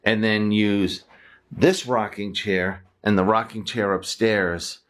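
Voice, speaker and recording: A man with a fairly low voice chats in a home vlog. He is easygoing and practical, floating ideas in a relaxed conversational way. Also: slow pace. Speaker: vlog co-host. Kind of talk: casual home vlog chat.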